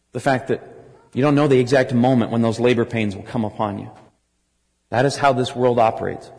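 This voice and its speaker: An American man preaching a sermon, earnest and rising to forceful emphasis. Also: mid-range voice, in a large hall, poor audio. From United States.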